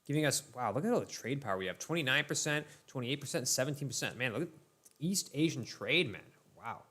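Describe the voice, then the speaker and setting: Young male gaming host, easygoing chatty commentary over gameplay, mid-pitched voice. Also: lively intonation, fast talker. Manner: chatty, laid-back, addresses viewers as ladies and gentlemen. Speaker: let's play host.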